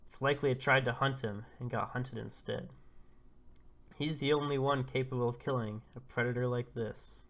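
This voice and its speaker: A man's voice: steady tone, moderate pace, gravelly, a bit bright. A man reading Dada, a stoic young warrior. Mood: grave. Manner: curt, firm, low-key. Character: fierce stoic young male warrior, terse and commanding.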